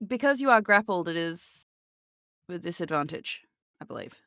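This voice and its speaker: A woman's voice: on the low side, animated, moderate pace, sharp tone, no echo, clean studio sound. A woman narrating and refereeing a tabletop role-playing game in a playful way. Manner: playful, laughs often. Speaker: game master.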